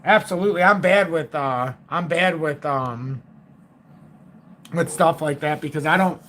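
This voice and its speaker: Excitable man in his forties. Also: a little high, unhurried. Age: 40s. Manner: excitable and emphatic, thinks aloud with fillers and mild swearing. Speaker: crypto live-stream host. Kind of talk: casual live-stream chart commentary.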